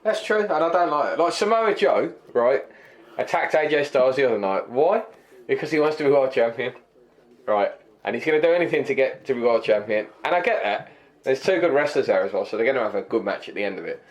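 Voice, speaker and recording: A man's voice: mid-range voice, lively intonation, a little fast. Blunt, opinionated man. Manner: blunt, opinionated, swears freely. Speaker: podcast co-host. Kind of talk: casual wrestling chat.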